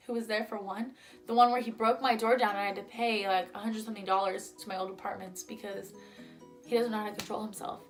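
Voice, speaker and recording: A woman's voice: mid-range voice, a bit bright. A woman in her twenties telling a personal story in a casual vlog, chatty and a little tipsy, often saying "like" and acting out what others said. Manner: chatty, lots of "like", acts out quotes. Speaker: vlogger.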